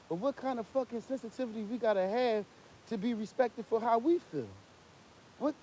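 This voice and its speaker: Profane high-voiced man ranting, coughing. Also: dark tone, slight background noise, poor audio. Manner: blunt, profane, rambling. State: coughing with a cold. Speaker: livestream host. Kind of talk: casual livestream rant.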